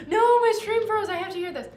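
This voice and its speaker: A woman's voice: extremely high pitch, fairly quick. A young woman co-hosting a game stream, chatting casually with a playful, giggly, teasing manner. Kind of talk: casual chat while gaming. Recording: roomy sound with game music behind.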